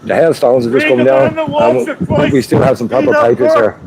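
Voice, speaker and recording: A man's voice: mid-range voice, wildly swooping pitch, normal speed. An Irish man livestreaming outdoors in hail and strong wind, chatting to his viewers. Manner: chatty, addresses viewers as lads. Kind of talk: live street vlog. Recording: very loud wind noise on the mic.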